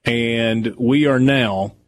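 A man's voice: mid-range voice, very slow, a little hiss or hum. A male radio host speaking earnestly and sincerely in casual on-air talk.

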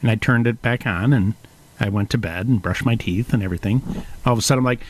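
A man's voice: medium pitch, fast, slight background noise, rough recording. A man hosting a home improvement radio show, telling playful stories in casual banter. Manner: animated storyteller, playful. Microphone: studio microphone.

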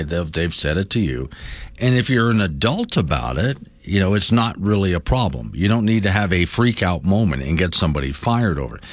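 A man's voice: sits low, no room sound. A man hosting a morning talk radio show, speaking bluntly and conversationally about listener topics.

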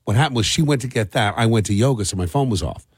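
A man with a New Jersey accent hosting morning radio, telling a story in an animated, exasperated way. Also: lowish voice, fast, slightly rough, no echo, clean studio sound. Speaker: radio show host.

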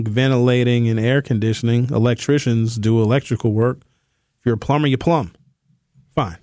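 A man hosting a talk show, talking in an animated, joking, conversational way. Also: mid-range voice, no room sound, studio quality. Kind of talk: comedic talk monologue.

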